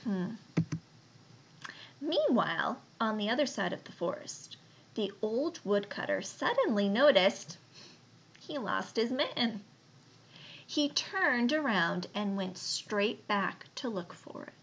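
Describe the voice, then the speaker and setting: Slow, gentle woman reading a storybook. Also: mid-range voice, big pitch swings, breathy edge. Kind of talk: storybook read-aloud.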